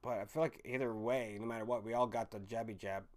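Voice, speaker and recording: A man's voice: on the low side, fairly even intonation, fast talker. Rambling, profane livestream host man. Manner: rambling, swearing, self-correcting. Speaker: livestream host chatting with viewers. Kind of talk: casual live-chat rambling.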